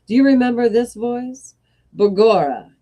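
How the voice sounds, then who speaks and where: A woman's voice: low-pitched, slow, a little mellow. A woman voicing a smug, crooning male showman spirit with a showy manner.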